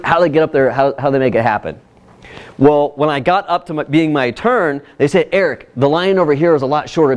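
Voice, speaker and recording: A man presenting at a workshop, telling a personal story in a casual, animated way with frequent asides to the audience. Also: on the high side. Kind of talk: casual workshop talk with slides.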